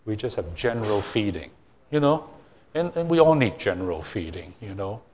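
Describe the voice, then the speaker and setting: A man's voice: fairly low pitch, big pitch swings, brisk, darkish tone. An older man, a church minister, giving an informal sermon full of self-deprecating stories, with frequent fillers and restarts.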